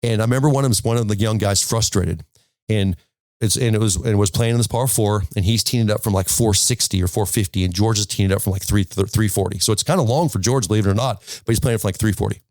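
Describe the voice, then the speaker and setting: Man, golf instructor, rapid delivery, low pitch, dry close sound, emphatic, keeps saying okay. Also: darkish tone, no room sound. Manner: storytelling, full of restarts. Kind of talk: casual instructional talk to camera.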